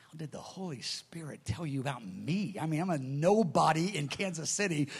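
High-voiced man telling a lively sermon story. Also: normal speed, gravelly, husky. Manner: animated storytelling, acting out the voices of others; frequent restarts and stammered repeats. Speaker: pastor. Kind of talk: sermon-style teaching session.

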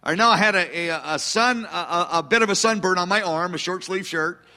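Bright, high-voiced male pastor. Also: fairly quick, long reverb tail. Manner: anecdotal, self-deprecating, chuckling asides. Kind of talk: storytelling sermon.

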